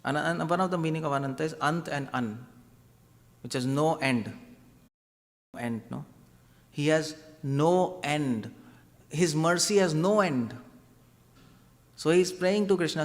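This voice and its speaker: A man's voice: fairly high pitch, unhurried, pauses often, long reverb tail. A man giving a devotional lecture as a preacher, conversational and often asking his audience questions. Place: temple hall.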